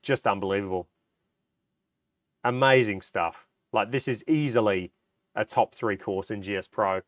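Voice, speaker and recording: A man's voice: on the low side, unhurried, no room sound, clean studio sound. A man hosting a casual livestream. He has a cold, so his voice sounds nasal, and he chats with enthusiasm and answers viewer comments. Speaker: livestream host.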